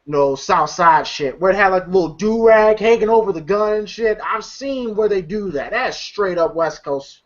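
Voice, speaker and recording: A man's voice: sits high, lively intonation, moderate pace, hardly any pauses. A man casually retelling a film's scenes to friends, loose and profane, laughing often. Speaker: movie reviewer. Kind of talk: casual movie recap among friends. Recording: dull lo-fi recording.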